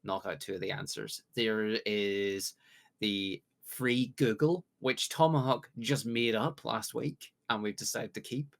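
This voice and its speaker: A man from the UK hosting a casual podcast quiz, joking along and reading out multiple-choice questions with drawn-out pauses. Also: fairly low pitch, gravelly. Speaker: quiz host.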